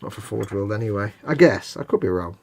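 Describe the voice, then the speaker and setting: A man's voice: on the low side, expressive, a little fast, a little hiss or hum. A man co-hosting a live hobby stream, explaining at length in a rambling, casual way with hedges and restarts. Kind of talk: casual chat.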